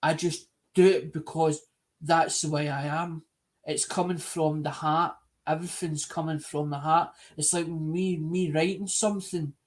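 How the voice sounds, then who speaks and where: Scottish man, high voice, casual live stream host, earnest, rambling, repeats himself. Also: fairly even intonation, measured pace.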